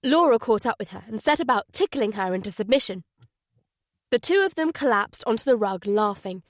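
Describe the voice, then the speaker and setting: Woman narrator, audiobook, slightly high voice, dry close sound. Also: animated, fairly quick, no echo. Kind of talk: scripted narration.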